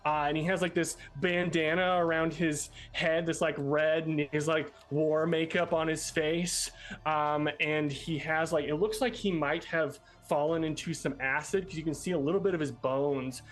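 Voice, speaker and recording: A man narrating a tabletop game as game master in a relaxed, filler-heavy way. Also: a little high, moderate pace.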